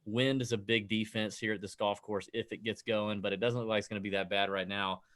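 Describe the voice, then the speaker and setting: A man's voice: lowish voice, flat delivery, fairly quick, a bit bright. A man in his thirties co-hosting a golf podcast, joking around and reading a sponsor spot loosely. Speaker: co-host. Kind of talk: casual golf podcast chat.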